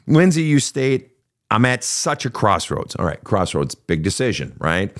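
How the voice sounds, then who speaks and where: A man's voice: lowish voice, big pitch swings, unhurried. A man hosting a counseling podcast, talking emphatically and repeating himself as he thinks aloud. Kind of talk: conversational counseling talk.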